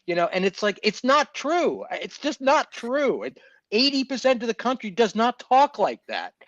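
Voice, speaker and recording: A man in a casual panel chat who comments in an animated, amused way. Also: extremely high pitch, normal speed, dry recording. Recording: dull, dry, lo-fi audio.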